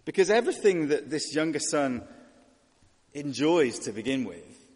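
A man's voice: a little high, very animated, moderate pace, darkish tone, slightly rough, long reverb tail. A man preaching a sermon in a conversational way, asking rhetorical questions and voicing characters.

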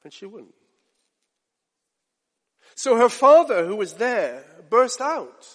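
A man preaching a sermon with passion, asking his listeners direct questions and swinging from loud to hushed. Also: high-pitched, very animated, normal speed, pauses often, long reverb tail.

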